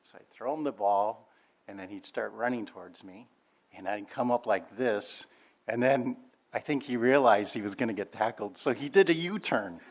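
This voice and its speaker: A man's voice: on the low side, normal speed. Older man telling family stories, laughing. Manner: chatty storyteller, laughs often, many fillers. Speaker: family member sharing memories. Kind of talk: anecdotal reminiscing speech.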